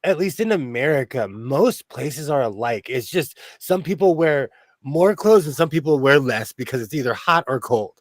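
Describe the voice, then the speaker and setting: A man's voice: medium pitch, lively intonation, moderate pace, dry recording, studio quality. A man from the West Coast of the US, chatting casually and laughing often as he tells rambling stories. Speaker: show host. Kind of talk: casual chat while sewing.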